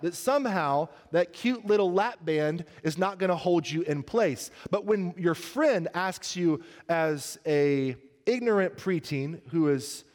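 A man as pastor, preaching a sermon, telling a funny story and then turning earnest and soft. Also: sits high, big-room sound.

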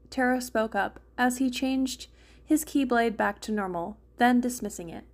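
A woman's voice: on the high side, moderate pace. Woman casually reading fan fiction aloud. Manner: casual reading with small slips.

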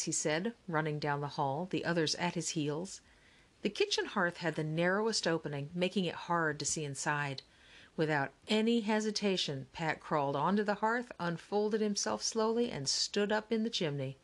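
A woman narrates a children's audiobook with a lowish voice. Her storytelling is even and clear, steady from line to line. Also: moderate pace. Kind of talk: scripted narration.

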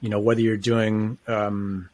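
A man's voice: on the low side, flat delivery, unhurried, a little mellow, a little hiss or hum. A man talking as a podcast guest, telling a long story in a casual, enthusiastic, rambling way with plenty of slang.

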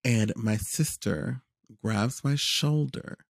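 A young man in casual chat, telling a lively story with lots of fillers and repeated words. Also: mid-range voice, slow, creaky, no room sound, studio quality.

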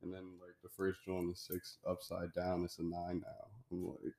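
A man with a low voice talks as a guest on a casual podcast. He is relaxed and rambles, often trailing off mid-thought. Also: moderate pace, reverberant. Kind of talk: casual chat.

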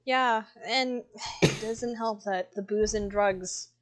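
Woman, podcast co-host, casual chat, reads from notes, laughs easily, mid pitch. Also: takes it slowly.

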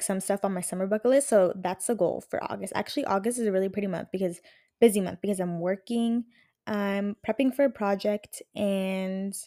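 Young female podcast host; chatty, blunt, profane rambling, warm low timbre. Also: dry recording, clean studio sound. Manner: rambling, frank and profane, animated. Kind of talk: casual chat.

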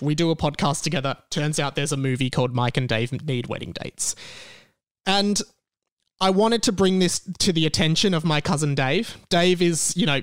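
A young man with an Australian accent chats alone on his podcast, his voice a little higher than most men's and smooth and clear. He rambles, stops and corrects himself as he goes. The sound is dry and close, with no room around it. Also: no echo. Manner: rambling and self-correcting, with many fillers. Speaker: podcast host. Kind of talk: casual solo podcast chat. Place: bedroom in a share house.

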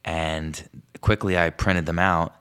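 A young man hosting a podcast, telling rambling comic stories, swearing often and jumping up in pitch when he quotes himself. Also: level tone, slow pace, fairly bright tone, smooth. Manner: rambling, swears a lot, jumps high when quoting himself. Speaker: podcast host. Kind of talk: casual comedic storytelling monologue. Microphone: podcast microphone.

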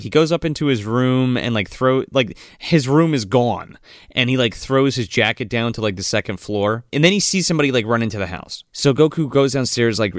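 Animated swearing man recapping a movie. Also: medium pitch, dry recording, studio quality. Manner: animated, acts out characters in quick put-on voices. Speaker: podcast co-host. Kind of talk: casual profane movie recap.

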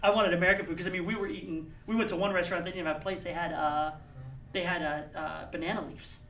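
A man chatting casually, telling lively travel stories with acted-out quotes. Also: sits high, slight background noise. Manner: fast, animated storytelling with acted-out quotes. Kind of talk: casual chat. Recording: roomy, distant mic with faint ambience.

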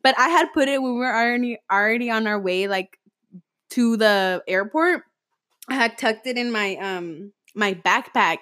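A woman's voice: on the high side, moderate pace, a bit bright. A young woman in casual chat, telling a story loosely with swearing.

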